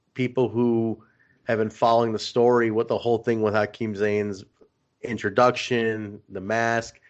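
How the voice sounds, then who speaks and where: A man co-hosting a wrestling podcast in casual chat, telling stories animatedly and laughing as he goes. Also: lowish voice. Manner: animated storyteller, laughs while retelling. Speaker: podcast co-host. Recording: slightly dull lo-fi sound.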